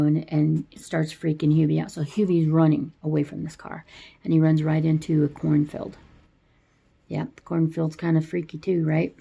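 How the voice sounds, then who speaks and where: A woman chats her way through a movie plot, rambling and doubling back as she goes. Her voice is low, with a gravelly crackle and a mellow, dark tone. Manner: rambling, chatty storyteller. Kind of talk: casual movie plot retelling.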